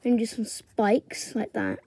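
Young woman, drawing tutor, unhurried and chatty, narrates step by step. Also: a little high, huge pitch swings, mellow, breathy edge, dry recording.

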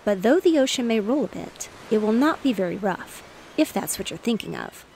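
A woman's voice: a little high, animated, brisk, a little mellow, slight background noise. A woman reading as a hearty, cheerful father. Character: cheerful fatherly man, fish merchant.

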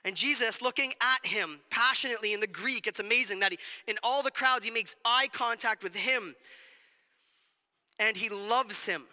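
A man delivering a sermon as pastor, in a conversational, animated way with quick asides. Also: high voice, long reverb tail. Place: church sanctuary.

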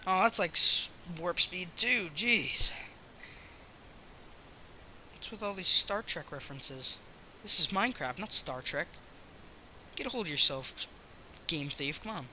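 A young American man runs a casual Minecraft let's play, drifting between rambles, jokes at his own expense and loud shouts when the fighting starts. His voice sits high and very bright. His pitch leaps all over, and a faint hiss runs under the recording. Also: expressive, unhurried, pauses often. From United States. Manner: rambling, self-mocking, yells during fights. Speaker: gaming YouTuber.

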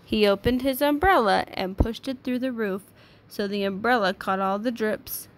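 A woman teacher reading a children's picture book aloud to a class, in clear, sing-song storytelling. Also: on the high side, moderate pace.

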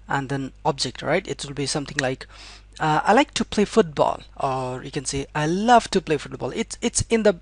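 A man runs a casual online Hindi lesson, chatting loosely and repeating his example sentences. His voice sits a little high. The recording is dry and close, with no room sound. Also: no echo. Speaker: Hindi teacher.

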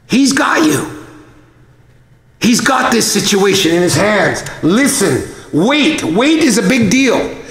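A man's voice: sits high, big pitch swings, takes it slowly, fairly bright tone. A man pastor preaching an emphatic, exhorting sermon, raising his voice at times. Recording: echoey hall with long reverb.

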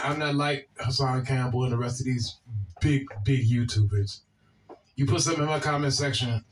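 A man with a Washington, D.C. accent talks bluntly and swears freely while he answers viewer comments, often circling back over the same words. His voice sits a bit back from the microphone at an ordinary, middle pitch. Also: recorded from a distance, a little hiss or hum. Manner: blunt, profane, repeats himself. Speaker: video host.

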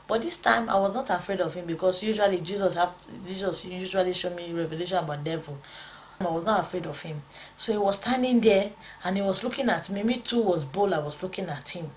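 Brief: woman sharing an earnest dream testimony, mid pitch, faint noise behind. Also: rough recording. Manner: earnest, storytelling, repeats lines with rising emotion. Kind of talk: spoken testimony.

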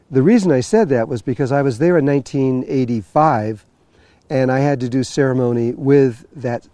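A man's voice: mid-range voice, dark tone, no echo. A man telling a long personal story to an audience, rambling with many fillers and restarts. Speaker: spiritual teacher telling a story. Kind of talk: storytelling talk.

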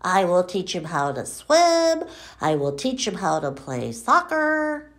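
A woman voicing Froggy, an eager, impatient little boy frog, in a high, animated childlike voice. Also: takes it slowly, heavily acted.

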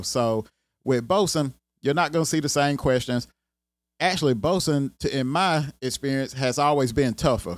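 In a video about IT careers, the host is a man with a Southern country accent and a medium-pitched voice, recorded with no room sound. He talks to the camera casually and rambles, repeating "you know what I'm saying" again and again.

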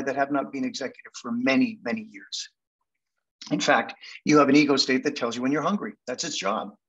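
Husky older Canadian man telling stories. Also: on the high side, poor audio. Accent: Canadian English. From England. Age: 70s. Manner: animated, wry storyteller. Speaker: guest speaker. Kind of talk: storytelling talk.

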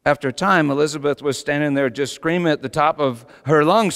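Passionate middle-aged preacher in a reverberant hall. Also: male voice, fairly high pitch, fairly quick, few pauses, clean tone. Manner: passionate, storytelling, rising to shouts. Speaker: pastor. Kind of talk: sermon.

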